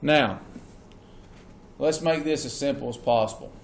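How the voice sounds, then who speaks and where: A man's voice: medium pitch, measured pace, vocal fry, slight background noise. A man teaching a classroom lesson. He keeps asking the class questions and repeats the key points. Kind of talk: classroom lecture.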